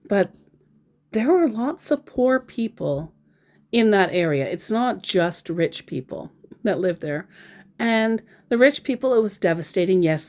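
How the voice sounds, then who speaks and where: Woman vlogging about scammers, dry sarcastic humor, lots of laughs, slow and bouncy. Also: fairly low pitch, a little mellow. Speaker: scambaiter vlogger. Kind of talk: casual commentary reading scam chats.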